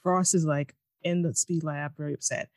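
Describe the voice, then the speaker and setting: Woman, podcast co-host, casual and sarcastic, quick to quote characters; dry, close recording. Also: sits low, dry recording. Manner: animated, mocking, quick quoting of characters. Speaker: podcast co-host recapping a TV episode. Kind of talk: casual chat.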